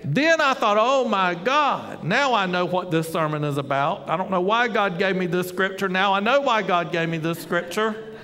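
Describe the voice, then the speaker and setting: A male pastor telling a story during a sermon, chatty and conversational, with sudden loud exclamations. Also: high-pitched, expressive, moderate pace, few pauses. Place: church sanctuary. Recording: long hall reverb.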